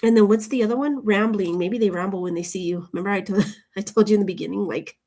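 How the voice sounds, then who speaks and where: Speaking fast and warmly in a mid-range voice, this tarot reader addresses the camera in a relaxed reading. Her talk rambles through tangents, punctuated by frequent laughter.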